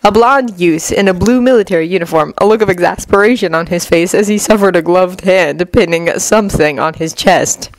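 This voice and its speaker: A woman reading a fanfiction story aloud as narrator, in an even, measured way. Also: lowish voice, dry recording, rough recording. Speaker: fanfiction reader.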